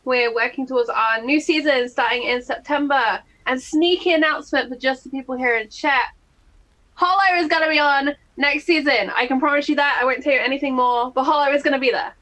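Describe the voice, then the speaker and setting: Bright, high-voiced woman player. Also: a little fast. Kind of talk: casual chat about a tabletop game.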